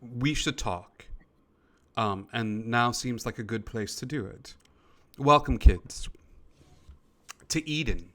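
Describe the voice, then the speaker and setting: A man voicing a composed, guarded woman who runs a private bar, speaking in a measured, hostess-like way during a tabletop role-play. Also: medium pitch, sharp tone. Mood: cool. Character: composed, guarded female bar owner, Medusa.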